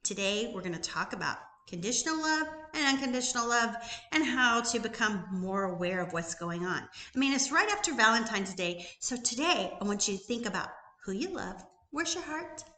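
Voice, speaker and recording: A woman's voice: mid-range voice, pushed and bright. A middle-aged woman, a life coach, giving an emphatic motivational talk full of rhetorical questions. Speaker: life coach and YouTube host. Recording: roomy echo.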